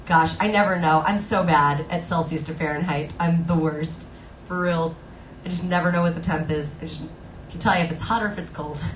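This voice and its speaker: A woman's voice: sits low, steady tone, a little fast, a little hiss or hum. Chatty woman streamer, roomy echo. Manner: chatty, bubbly, fillers like "like". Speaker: live streamer and singer. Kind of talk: casual chat with viewers between songs. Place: Los Angeles home.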